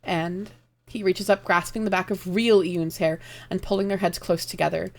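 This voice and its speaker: A woman streamer reading a dark fantasy story aloud live, narrating in an expressive, dramatic way. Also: fairly low pitch, normal speed.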